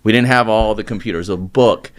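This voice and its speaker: A middle-aged mortgage loan originator tells his story in a casual interview, speaking energetically and animating his retellings. His pitch is fairly low and his pace brisk.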